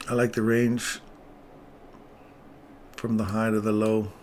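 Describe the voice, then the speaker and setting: A man's voice: on the low side, little pitch movement, slow, a little mellow, slight background noise. A middle-aged man hosting a live trading stream, talking casually and wandering off on tangents. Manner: casual, rambling, easily sidetracked. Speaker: trading channel host.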